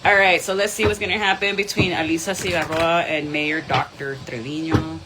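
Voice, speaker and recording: A woman's voice: low-pitched, fairly even intonation, moderate pace, background noise. A woman doing a live tarot reading, blunt and profane, switching between English and Spanish. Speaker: tarot reader.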